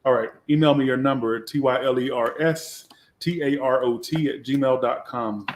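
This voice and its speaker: A man's voice: mid-range voice, fairly even intonation, moderate pace, a little hiss or hum. A man giving a casual live tarot reading, talking in a blunt, sassy way with a lot of swearing. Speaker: tarot reader. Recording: echoey room.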